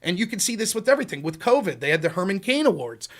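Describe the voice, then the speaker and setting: A middle-aged man hosting a political talk show, telling stories and acting out quotes with sudden jumps in pitch and volume. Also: very animated, quick pace. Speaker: podcast host. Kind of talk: political commentary, storytelling.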